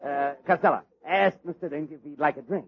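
Gravelly straight man. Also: a little high, heavy background noise. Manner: brisk, scolding, reasonable. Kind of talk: 1940s radio comedy. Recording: dull old radio broadcast.

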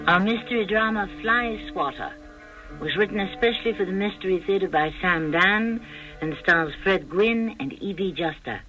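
Theatrical radio-drama host, measured. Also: male voice, high-pitched, over loud music, poor audio. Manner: measured, declamatory.

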